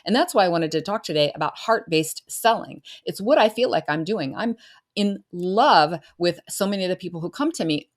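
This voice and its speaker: A middle-aged woman coach talking earnestly in a casual solo podcast, now and then acting out her clients' voices. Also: fairly low pitch. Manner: earnest, warm-hearted, acts out clients' voices. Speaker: business coach and podcast host.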